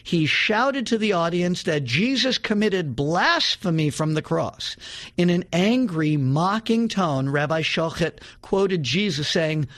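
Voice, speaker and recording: A man's voice: high-pitched, expressive, slow, fairly bright tone. A man hosting a religious talk show, reading a testimony aloud with dramatic emphasis, then talking casually with some fillers. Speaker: radio show host.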